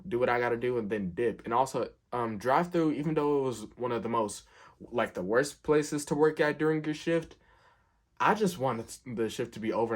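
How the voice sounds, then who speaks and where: A young man telling a work story in a casual, animated way, acting out the quotes with big jumps in pitch. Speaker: storyteller, fast food worker.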